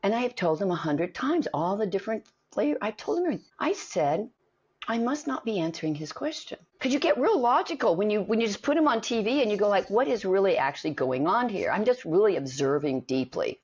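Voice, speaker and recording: A woman's voice: mid-range voice, fairly quick, slightly rough. A middle-aged woman, an acting coach, telling stories in a conversation and acting out the voices in them. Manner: animated storyteller, acts out quoted voices. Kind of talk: storytelling in a conversation. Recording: dull lo-fi recording.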